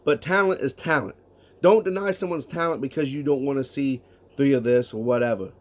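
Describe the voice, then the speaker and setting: A man's voice: mid-range voice, brisk. A man giving casual solo sports talk, emphatic, reading out statistics and asking rhetorical questions. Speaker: sports commentator.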